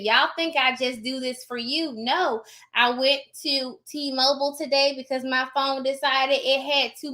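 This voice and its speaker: Woman, live-stream host, high bright voice, Southern accent, chatty, keeps checking in with "okay?". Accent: put-on Southern US. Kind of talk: casual live-stream chat.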